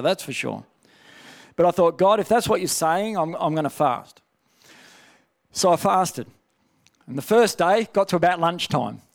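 A man preaching a sermon, telling a personal testimony with rhetorical questions and frequent restarts. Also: on the high side.

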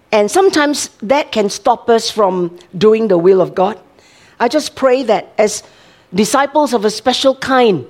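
Older woman, grandmother, sermon, conversational, asks listeners for agreement, high-ish voice. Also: a little mellow. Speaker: preacher.

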